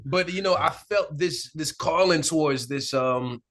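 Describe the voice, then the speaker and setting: A male actor as an interview guest, telling candid stories in a relaxed, animated way, often laughing and acting out the people he quotes. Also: fairly high pitch, measured pace. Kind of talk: candid conversational storytelling. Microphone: sit-down interview mic.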